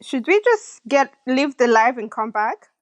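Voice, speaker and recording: High-voiced woman chatting on a live stream. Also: big pitch swings, measured pace, no echo. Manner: laughs often, self-conscious about her own voice. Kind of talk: casual live-stream chat.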